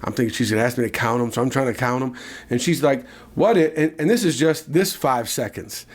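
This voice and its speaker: A man co-hosting a casual podcast, telling a childhood story with animated asides. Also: mid-range voice, quick pace. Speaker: podcast co-host.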